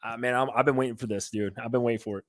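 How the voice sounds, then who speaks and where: Man, sports podcast host, loud, excitable, swearing, casual banter, headset mic. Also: mid-range voice, rapid-fire.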